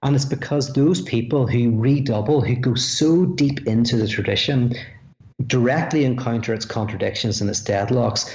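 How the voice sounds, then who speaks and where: Gravelly Irish man explaining ideas. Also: medium pitch. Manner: animated, explaining ideas with quick asides and chuckles. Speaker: guest. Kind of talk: podcast conversation. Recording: echoey room, dull lo-fi sound.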